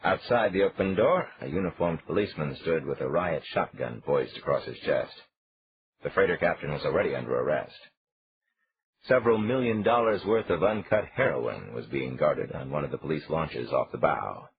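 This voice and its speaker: A male narrator reads a crime novel aloud in an extremely deep voice. His delivery is animated, rising and falling through each sentence. The sound is dull and muffled. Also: moderate pace. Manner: steady, lively storytelling. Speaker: audiobook narrator. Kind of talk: scripted narration. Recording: dull lo-fi audio.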